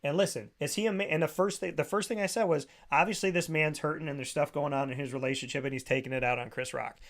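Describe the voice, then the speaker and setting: A man hosting a radio talk show, telling stories in a casual, animated way and mimicking other voices. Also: fairly high pitch, fast. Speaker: radio host.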